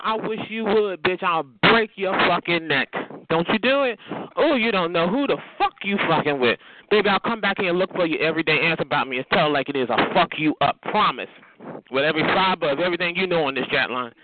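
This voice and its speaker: A man's voice: lively intonation, fairly quick, noisy background. Man ranting angrily over a tinny phone line. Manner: profane, taunting, repeats "okay?"; pitch jumps up sharply when yelling. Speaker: chat line caller. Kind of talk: heated phone rant.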